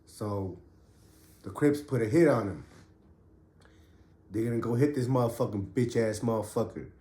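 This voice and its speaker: A podcast host and ex-prisoner casually tells a story from his prison days in loose, conversational street slang while getting over a cough. His voice is lowish and warm, at a moderate pace, with a roomy sound.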